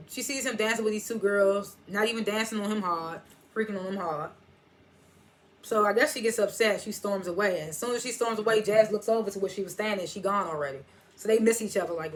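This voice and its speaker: A woman giving a casual episode recap, telling it in animated, slangy storytelling and acting out the characters' lines. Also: a little high. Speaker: TV episode reviewer.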